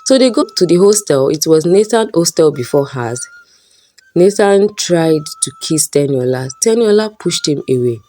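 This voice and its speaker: A woman's voice: deep voice, lively intonation, normal speed. A woman narrating a folk story aloud in a plain read-aloud manner. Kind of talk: storybook narration with character voices. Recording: soft background music.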